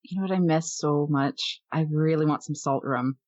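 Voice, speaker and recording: Low husky woman player, wry. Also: moderate pace, a little mellow, muffled recording. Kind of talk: tabletop role-play chat.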